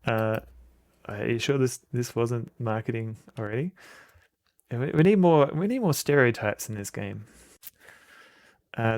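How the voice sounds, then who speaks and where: A man's voice: mid-range voice, animated, unhurried, creaky, long pauses, no echo. An Australian man streaming an old adventure game, joking around and reading the game's text aloud into a desk mic. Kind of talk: casual let's-play commentary.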